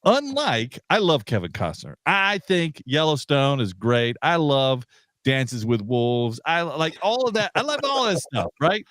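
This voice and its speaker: A man co-hosting a sci-fi podcast in casual chat, emphatic and animated, repeating words as he builds a point. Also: on the high side, unhurried, dry recording, studio quality. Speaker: podcast co-host.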